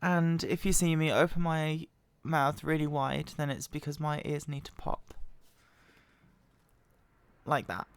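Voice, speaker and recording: Woman, hoarse with a cold, halting and quiet, smooth tone under the strain. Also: steady tone, no room sound. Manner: quiet, halting, voice wobbling in pitch. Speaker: Bible reader. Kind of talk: slow scripture reading. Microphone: very close to the microphone.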